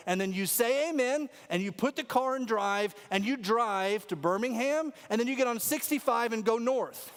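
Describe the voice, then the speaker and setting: A man preaching a sermon as pastor, telling animated stories and leading the congregation in call-and-response. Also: very high voice, fairly quick, few pauses. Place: church auditorium. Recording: long hall reverb.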